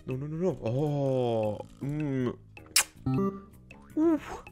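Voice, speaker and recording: A man's voice: lowish voice, normal speed, over music. A man giving jokey, self-mocking commentary while playing a video game. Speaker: gaming YouTuber. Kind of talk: let's-play commentary.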